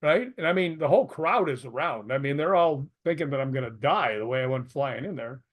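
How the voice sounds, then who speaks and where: A man's voice: medium pitch, fairly quick, highs cut off. An older man, a retired stuntman, telling stories as a guest in a casual interview, laughing and acting out what people said. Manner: animated storyteller who laughs and acts out quotes.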